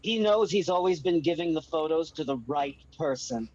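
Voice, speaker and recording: A man's voice: fairly high pitch, lively intonation, moderate pace, darkish tone, lo-fi sound. A man playing a tabletop game, stammering as he describes his character's feelings. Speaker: player.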